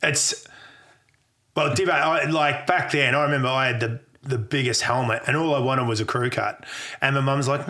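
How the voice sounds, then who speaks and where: A man's voice: mid-range voice, moderate pace. A man in his fifties with an Australian accent, a podcast guest relaxing into stories from his school days. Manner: relaxed storyteller, reminiscing. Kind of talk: casual chat.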